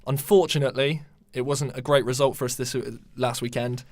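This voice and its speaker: An English man co-hosts a laid-back football podcast, sounding like an eager fan of his club. His voice sits at an ordinary pitch and is recorded close and dry, with no room sound. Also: steady tone, fairly quick, a little mellow, dry recording. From England. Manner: enthusiastic, fan-like. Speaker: podcast co-host. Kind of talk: casual football chat.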